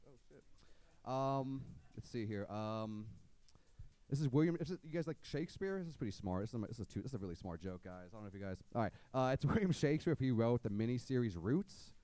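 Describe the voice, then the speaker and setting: A man's voice: lowish voice, mellow, no room sound. A man doing stand-up comedy, dropping dry one-liners and mock-earnest impressions. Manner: sings comic songs to guitar. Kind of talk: stand-up comedy with sung parody songs. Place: comedy club stage.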